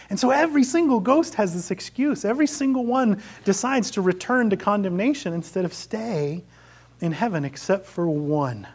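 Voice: mid-range voice, lively intonation, normal speed, darkish tone, husky. A preacher giving a sermon, retelling a story and exhorting the congregation. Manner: earnest, exhorting.

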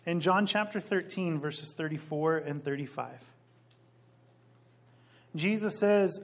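Male pastor, sermon delivery, slightly high voice, emphatic, slows hard on key phrases. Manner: rises loud on quoted scripture.

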